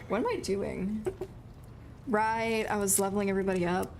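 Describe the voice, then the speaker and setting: A young woman streams a game and talks to her chat in a loose, casual way, often mumbling to herself as she works through menus. Her voice sits at an ordinary middle pitch. Faint music plays underneath. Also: fast talker. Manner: self-described mumbler, chatty, muttering to herself. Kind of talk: casual live-stream chatter while playing.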